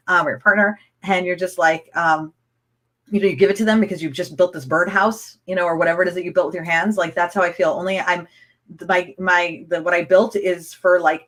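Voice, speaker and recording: A woman coaching a live-streamed training, chatty and excitable, rambling with restarts as she answers viewer comments. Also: lowish voice. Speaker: online business coach.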